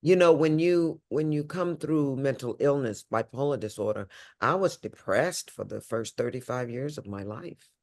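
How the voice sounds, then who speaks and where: Expressive older woman, big swings in pitch. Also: normal speed. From St. Louis, USA. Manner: expressive, swinging from high exclamations to low hushed tones. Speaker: guest. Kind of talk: emotional interview talk.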